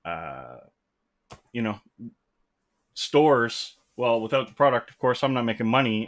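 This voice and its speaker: A man's voice: on the low side, a bit bright. A man hosting a live stream from his room, rambling casually and greeting viewers as they join. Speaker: livestream host. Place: home room. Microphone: desk mic.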